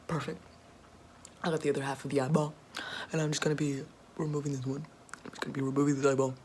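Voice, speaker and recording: A young woman plays a greedy, cruel billionaire boss man in a comic whispered role-play, putting on a deeper, soft, whispery voice with a smug, mocking manner. There's a little hiss or hum, and the sound is close to an everyday voice.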